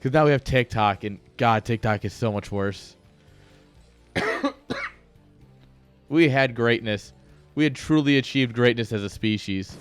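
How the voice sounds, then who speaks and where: A male game caster at an ordinary mid pitch, chatting loosely on a live stream. He wanders between jokes and game calls, swearing casually as he goes. Faint music plays underneath. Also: unhurried, pauses often, smooth. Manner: rambling, joking, swears freely.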